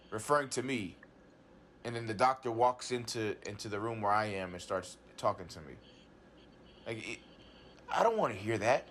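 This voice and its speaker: A man telling his troubles in a therapy session, halting and repeating himself as he restarts his sentences. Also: mid-range voice, fairly bright tone, slight background noise. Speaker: client in a talk therapy session. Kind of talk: agitated personal account.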